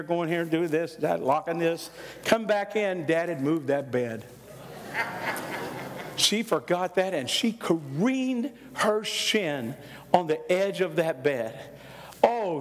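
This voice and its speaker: A man's voice: on the high side, in a large hall. An older man, a pastor, telling a folksy story in a sermon and acting out the people in it. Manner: folksy, animated storyteller who acts out voices.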